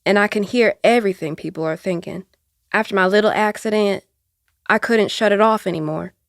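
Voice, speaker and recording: Actress as elderly Appalachian aunt, seer, tender slow drawl, dry close audio-drama sound. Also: female voice, mid-range voice, creaky, no room sound, natural voice. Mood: wistful.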